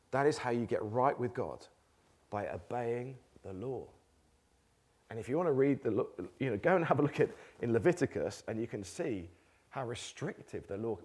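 Lively, animated male preacher. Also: medium pitch, slightly rough. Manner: chatty, self-deprecating humor, laughs between points. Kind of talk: conversational sermon. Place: church meeting with a live congregation.

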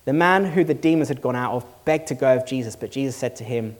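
A man's voice: medium pitch, fast. A male pastor giving a sermon to a congregation, earnest and conversational, asking the room rhetorical questions. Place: church hall before a congregation.

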